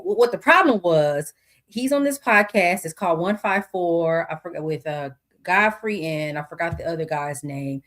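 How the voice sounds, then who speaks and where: A middle-aged American woman hosting her own podcast, talking casually with many fillers and asides. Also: low-pitched. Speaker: podcast host. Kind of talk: casual solo podcast talk.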